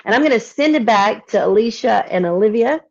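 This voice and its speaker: A woman with a Southern American accent, teaching a poetry lesson online, explaining patiently and reading verses slowly. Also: fairly high pitch, animated, dull audio. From Southern United States. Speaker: literature teacher. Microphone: video call.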